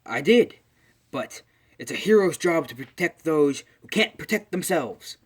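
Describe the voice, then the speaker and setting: Booming and grand, this is a muscular male superhero mentor, put on by a man narrating a fan story. He sits far higher than a plain male voice and comes out loud and hearty, like a proud hero reassuring others. The storytelling is casual and homemade. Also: animated, a little slow, slightly rough.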